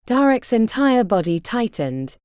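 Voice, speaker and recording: A woman narrating a medieval romance audiobook in an expressive, dramatic storytelling manner. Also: a little high, a little slow, dry recording, studio quality. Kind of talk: scripted narration.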